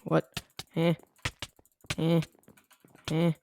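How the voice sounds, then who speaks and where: A man's voice: on the high side, little pitch movement, measured pace, pauses often, slight background noise. A young man telling a rambling school story while playing a game, full of "like" fillers. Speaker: gaming channel host. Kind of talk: casual storytelling over gameplay.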